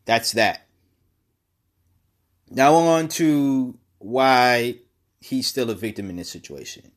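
A man giving casual opinion commentary alone, halting and repeating words, then pressing his points with emphasis. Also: medium pitch, expressive.

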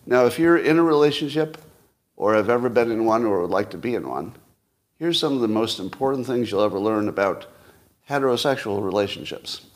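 A man's voice: fairly low pitch, lively intonation, brisk. A man in his sixties hosting a solo commentary show, rambling and self-mocking with frequent chuckles. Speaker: podcast host.

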